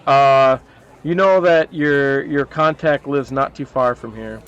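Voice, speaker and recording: A man's voice: mid-range voice, slow, a bit bright, highs cut off, slight background noise. A young man acting as game master, laid-back and laughing often as he runs a tabletop game.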